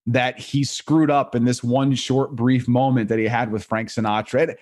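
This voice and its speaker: A man's voice: mid-range voice, fairly even intonation, darkish tone. A man hosting a podcast, telling stories in a chatty, rambling way. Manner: chatty, rambling, with quick voice impressions. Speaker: podcast host. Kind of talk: casual storytelling.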